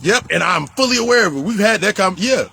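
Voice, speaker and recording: A man's voice: high-pitched, animated, quick pace, vocal fry, sharp tone, a little hiss or hum, poor audio. A man talking as a life coach in a casual spiritual monologue, emphatic and profane, repeating himself for stress. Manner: emphatic, profane, repetitive street talk.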